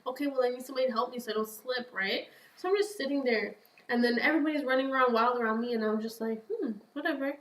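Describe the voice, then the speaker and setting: A woman telling a personal story as a podcast guest in a chatty, animated way, acting out her own past lines. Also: on the high side, rapid-fire, roomy sound, rough recording. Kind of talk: casual storytelling.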